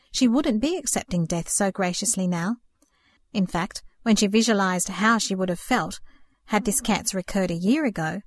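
A woman narrating a storybook in a steady, earnest reading voice. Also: medium pitch, no echo. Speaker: audiobook narrator.

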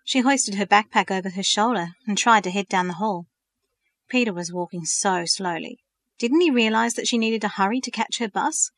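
Brief: female storybook narrator, steady even read, mid pitch, dry close mic. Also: normal speed, no echo.

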